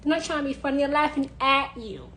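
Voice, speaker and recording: A woman giving forceful advice in a monologue, hammering her points home by repeating them. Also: high-pitched, fast, slight background noise, low-quality recording. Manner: insistent, repeating phrases for emphasis. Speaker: witch sharing advice. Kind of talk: emphatic monologue to camera.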